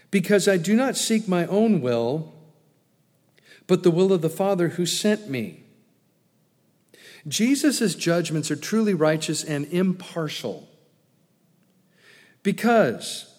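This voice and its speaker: A man's voice: on the high side, a little mellow, big-room sound. A man preaching an expository sermon in an earnest, emphatic way, often repeating words and adding asides.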